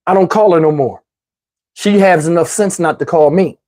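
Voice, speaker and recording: A man doing stand-up storytelling, animated and addressing the audience. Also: fairly high pitch, moderate pace. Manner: animated, talks to the audience, mimics voices. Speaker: comedian telling a story.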